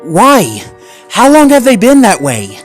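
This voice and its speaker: A man voicing an anxious young female husky dog who shivers and worries as she talks, in a storybook reading. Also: fairly high pitch, lively intonation, normal speed, warm tone, faint music behind, pitched above the performer's own voice, natural voice. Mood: alarmed.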